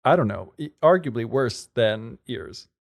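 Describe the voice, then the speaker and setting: A man co-hosting a podcast, making slow, amused, wry quips in casual chat. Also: mid-range voice, animated, dry recording. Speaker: podcast co-host.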